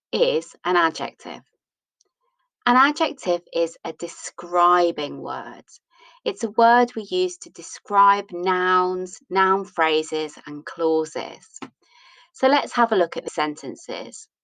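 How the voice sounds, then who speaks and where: Female English teacher, slow and patient, talking through grammar rules, dry close sound. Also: lowish voice, fairly bright tone, no echo, rough recording. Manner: patient, asks and answers her own questions. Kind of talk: explaining a grammar lesson.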